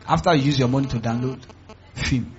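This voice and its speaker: A male pastor with a Nigerian accent preaches a sermon in church, emphatic and call-and-response, swinging between quiet asides and loud cries. His voice is medium-pitched and a little fast, with the highs cut off.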